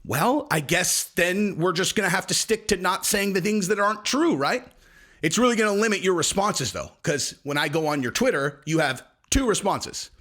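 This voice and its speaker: A man's voice: high-pitched, lively intonation, moderate pace, a bit bright. A man hosting a casual commentary rant, sarcastic and rambling, slipping into mocking quoted voices. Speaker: commentary video host.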